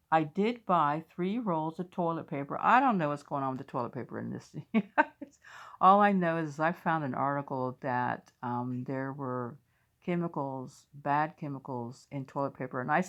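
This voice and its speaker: A woman's voice: deep voice, muffled recording. A woman from the United States hosts a faith channel and chats casually while reading out viewers' dreams, talking straight to her audience. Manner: chatty, talks straight to viewers. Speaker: host of a faith video channel.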